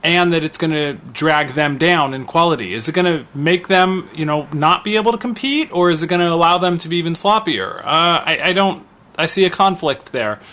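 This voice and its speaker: A man's voice: on the high side, expressive, moderate pace, pushed and bright. A man in his thirties speaking in an opinion vlog, vocal and outspoken, talking with conversational restarts. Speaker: vlogger.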